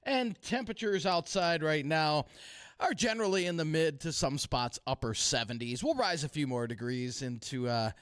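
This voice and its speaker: A man, the show's meteorologist, reading a relaxed weather forecast with frequent fillers. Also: on the high side, moderate pace, dry recording, studio quality. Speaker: meteorologist and co-host. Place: broadcast studio.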